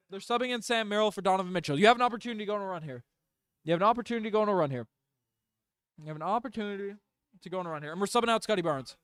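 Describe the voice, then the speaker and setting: A young man with a very high, smooth voice calls a basketball game as a passionate fan, groaning at misses and yelling "baby" after big shots. The sound is dry and close, with no room around him. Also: no room sound. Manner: swings from despair to hype, yells "baby" on big shots. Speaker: fan commentator streaming live play-by-play. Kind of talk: excited fan play-by-play commentary.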